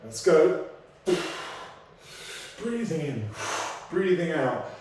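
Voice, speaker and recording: A man's voice: on the high side, very slow, distant mic. Breathless man coaching a workout. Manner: energetic, encouraging cueing with countdowns. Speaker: fitness instructor. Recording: very echoey room, off-mic, faint noise.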